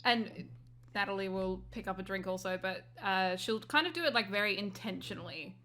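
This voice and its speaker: A woman takes part in a tabletop role-playing game, answering in a bright, sharp tone. She sounds polite and a little tentative, at a middling pitch. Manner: polite, tentative, quick laughs. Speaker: player.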